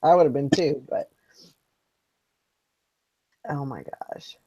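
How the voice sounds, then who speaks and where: A woman hosts a casual online morning chat in a low, unhurried voice. She rambles through stories, often restarting her sentences. The sound is dry and close, with no room echo. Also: mellow, husky, lo-fi sound. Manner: rambling, chatty storytelling with restarts. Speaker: host of a morning hangout show. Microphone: online video hangout.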